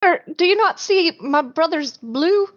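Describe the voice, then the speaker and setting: A woman's voice: very high voice, expressive, unhurried, lo-fi sound, voice pushed up. A woman voicing a nervous, apologetic young rabbit-folk woman in a tabletop game. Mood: pleading.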